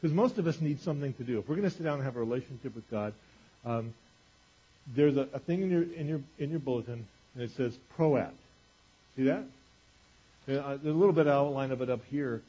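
A man's voice: mid-range voice, fairly quick, dark tone, husky, dull audio. A man preaching a sermon to a congregation in a church, talking in a conversational way with lots of "you know" asides, asking the room questions and teasing them. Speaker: pastor.

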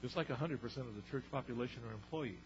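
A man's voice: medium pitch, racing, muffled recording, slight background noise. A man preaching a sermon as pastor, conversational, asking the congregation rhetorical questions.

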